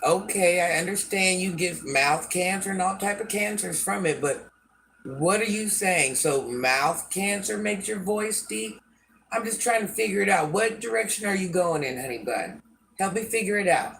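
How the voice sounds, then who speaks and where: A woman's voice: mid-range voice, lively intonation, moderate pace, vocal fry, fairly bright tone, slight background noise. Blunt sassy grandmother livestreaming. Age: older. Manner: blunt and sassy, talks about herself in third person. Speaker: livestream host. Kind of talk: casual livestream chat, answering viewer comments.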